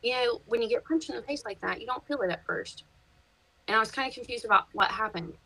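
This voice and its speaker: A woman, a podcast guest, chatting casually and telling lively stories, swearing freely and laughing as she goes. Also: a little high, quick pace, vocal fry, no echo, poor audio. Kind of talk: casual chat, storytelling.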